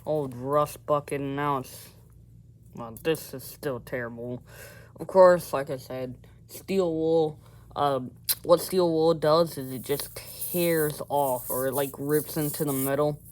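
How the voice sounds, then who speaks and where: A man's voice: on the high side, steady tone, unhurried. A man chatting casually through an outdoor how-to vlog, rambling and often correcting himself, recorded on a camera mic by a fire. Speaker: vlogger.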